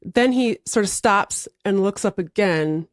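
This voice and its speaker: Podcast co-host, woman in her 40s, animated comic teller, dry close sound, mid voice. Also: medium pitch, unhurried, no room sound. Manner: animated, laughs through her own stories. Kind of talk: casual chat, comic storytelling.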